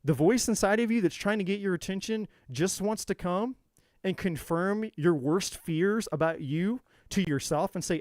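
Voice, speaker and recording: A man's voice: sits high, normal speed, a little mellow, no echo, clean studio sound. Intense, profane man preaching self-worth. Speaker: tarot reader. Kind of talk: motivational monologue.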